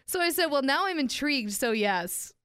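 A woman's voice: high voice, animated, normal speed, fairly bright tone. A young adult woman and radio host, chatting casually and telling a story, giggly as she reads out messages. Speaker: radio personality and podcast co-host. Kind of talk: casual chat.

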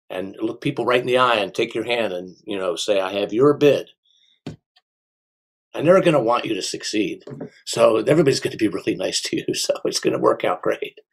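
Middle-aged guy auctioneer, gravelly voice, talks slow and easy, breaks into auction chant. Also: fairly low pitch. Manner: unhurried, with restarts and a sing-song auction chant demo. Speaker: auctioneer and small business owner. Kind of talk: conversational interview answers.

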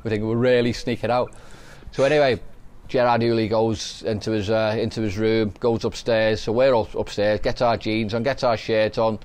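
A man's voice: on the low side, little pitch movement, normal speed, a little mellow. A middle-aged man, telling anecdotes on a casual podcast and laughing as he goes. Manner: chatty, anecdotal, laughs while telling stories. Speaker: podcast host, former footballer. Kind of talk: casual storytelling chat.

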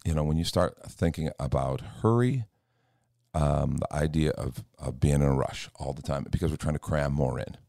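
A man, a pastor, chatting in an earnest, animated way and acting out little quotes as he tells stories. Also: rumbling low, moderate pace, gravelly, no room sound, studio quality. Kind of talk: casual chat. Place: church.

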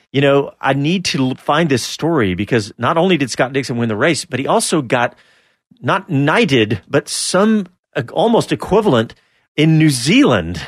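A man's voice: medium pitch, no echo. A man co-hosts a sports radio hour, talking loosely and laughing between his restarts. His voice sits in a middle register and sounds dry and close, with no room around it. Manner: chatty, rambling with restarts and laughs. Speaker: radio show co-host. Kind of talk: casual sports radio chat.

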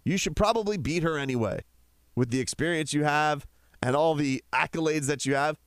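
A man's voice: on the high side, brisk, no echo, studio quality. A man hosting a chat show, ranting with passion and firing off rhetorical questions. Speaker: podcast host. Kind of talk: opinionated casual chat.

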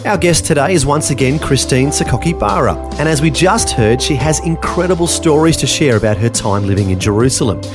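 A man hosting a radio interview show, calm and attentive. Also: on the high side, fairly quick, few pauses. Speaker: host. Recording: music bed behind.

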